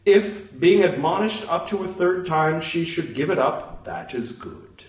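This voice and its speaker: Slow man reading scripture, echoey room. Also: a little high, lively intonation, darkish tone. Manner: reads punctuation aloud, breaks off for casual musing asides. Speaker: scripture reader. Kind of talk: reading a religious text aloud, with asides. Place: room at home. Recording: echoey room, mic far off.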